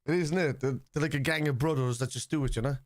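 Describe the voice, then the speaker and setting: A man's voice: a little high, steady tone, quick pace, no room sound, studio quality. An Irish man hosting a live football watchalong, chatting casually and reading out viewer messages in a blunt, opinionated way. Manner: blunt and opinionated, swears freely. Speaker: livestream host reacting to a football match.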